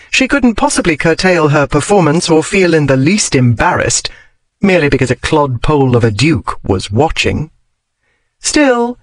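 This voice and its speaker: A man reading a historical romance novel aloud as audiobook narrator, in a measured storytelling manner. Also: fairly high pitch, no room sound. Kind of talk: scripted narration.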